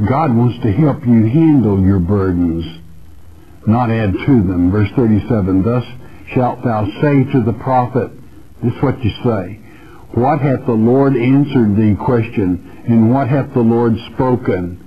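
A man's voice: mid-range voice, unhurried, muffled recording, a crowd in the background. A man teaching the Bible verse by verse on a radio broadcast, earnest and repetitive, calling the listener his friend. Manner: earnest, repeats phrases, addresses listener as friend. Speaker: preacher.

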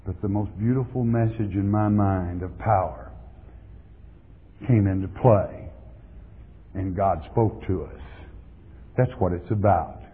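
A man's voice: low-pitched, a little slow, pauses often, breathy edge. A man preaching a sermon as pastor, emphatic and repeating words for stress, on a tinny, lo-fi recording. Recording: tinny lo-fi sound in a reverberant hall.

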